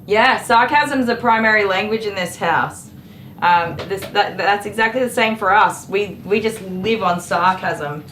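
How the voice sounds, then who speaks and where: Chatting as she works, this middle-aged woman grooms dogs in an indoor salon, speaking at a medium pitch and an easy pace. Her humor is sarcastic and dry, she laughs often, and the dog on the table gets a mild telling-off. Buzzing electric clippers echo around the room.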